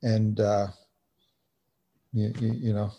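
Middle-aged guy on a video call, warm low-key voice, lots of "you know" and "uh", halting but earnest. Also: little pitch movement, lo-fi sound. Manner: halting, many fillers and restarts, earnest. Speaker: recovery meeting speaker. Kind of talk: personal sharing on a video call.

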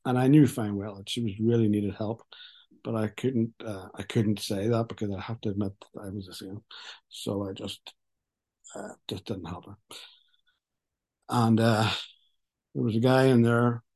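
Mellow-voiced man sharing his story. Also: on the low side, fairly even intonation, slightly rough. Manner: frank, wry, halting. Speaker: speaker sharing at a recovery meeting. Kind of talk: personal testimony.

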